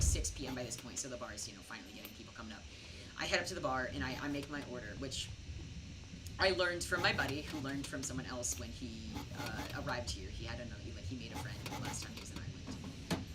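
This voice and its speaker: Tipsy on a game stream, a young woman from the United States tells a rambling, filler-packed story in casual chat. She has an expressive bass voice and speaks briskly, captured on a distant mic with background noise.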